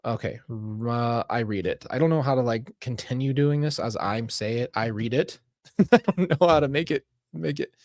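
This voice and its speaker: A man live-streaming as he reads an interactive mystery story aloud, excitable, breaking off to laugh and react. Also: medium pitch, moderate pace, no echo, clean studio sound. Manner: excitable, laughing and reacting between read passages.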